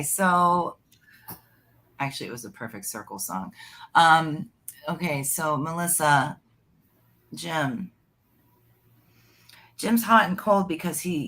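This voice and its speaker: Chatty low-voiced woman psychic. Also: fairly bright tone. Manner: chatty, rambling, calls the listener "honey". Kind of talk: live online reading.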